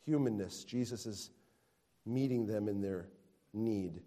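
A man preaching a sermon, swinging from hushed tenderness to loud emphatic declaiming. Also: lowish voice, a little slow. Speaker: pastor. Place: church sanctuary. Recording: long reverb of a large hall.

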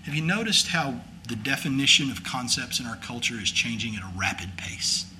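Folksy preacher man with a bright, forceful voice. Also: mid-range voice, animated, brisk, a little hiss or hum. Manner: folksy, conversational storytelling; rising to emphatic preaching. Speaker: pastor. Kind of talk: sermon.

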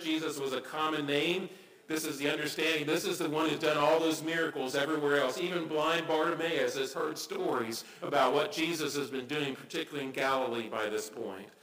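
A man preaching a sermon as pastor, swinging from hushed asides to loud, excited cries. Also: a little high, echoey room, low-quality recording.

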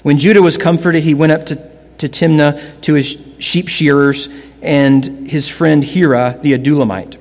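Pastor, male, high voice, earnest sermon delivery, long hall reverb. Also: fairly even intonation, normal speed. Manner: earnest preaching, shifting between loud emphasis and hushed lines.

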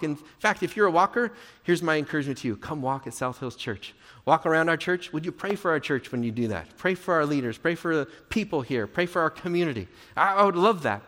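A man's voice: on the high side, a bit bright, in a large hall. A man preaching a conversational, encouraging sermon as a pastor, often acting out sample prayers.

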